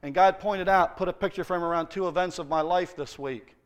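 A middle-aged male pastor delivers a sermon in a high voice. He tells stories from his week with humour and pushes his points with lively emphasis. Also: a little fast, clear, resonant tone. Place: church.

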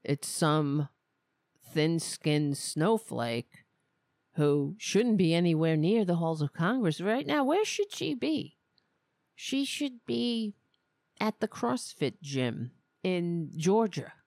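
A woman's voice: fairly low pitch, sing-song, slow pace, a little mellow, no echo, studio quality. A woman hosting a podcast, giving sarcastic, mocking, profane political commentary. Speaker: podcast host.

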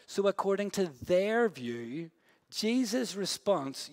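A man preaches in a loose, slangy way. His voice sits a little high. He speeds up and gets loud, then drops to a near hush and slows right down. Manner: lively storytelling, big swings from loud and fast to hushed and slow; casual, slangy delivery with many "like" and "yo" asides. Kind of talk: sermon.

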